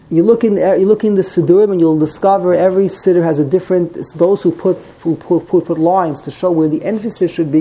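A man's voice: high-pitched, creaky, dark tone, poor audio. A man teaching a Torah text class, explaining Hebrew grammar with frequent repetitions and Hebrew terms. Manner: explains grammar patiently, repeats words, mixes in Hebrew terms.

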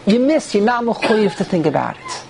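Rabbi giving a class to a small group, high voice, rhetorical questions, faint noise behind. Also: male voice, big pitch swings, moderate pace, vocal fry. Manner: asks the group rhetorical questions and restarts sentences often. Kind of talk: Torah class on prayer law.

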